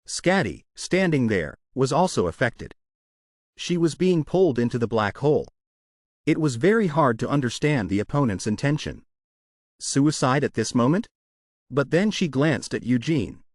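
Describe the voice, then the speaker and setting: A man narrating a comic story recap in scripted, even, matter-of-fact storytelling. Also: mid-range voice, moderate pace, no room sound, studio quality.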